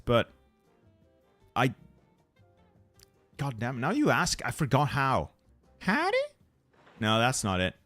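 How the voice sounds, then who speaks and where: A man's voice: on the high side, a bit bright, no echo. A man giving casual commentary on his strategy game, chatting with viewers and muttering to himself as he plans. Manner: chatty, answers viewers, mutters repeated words. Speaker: gaming channel host.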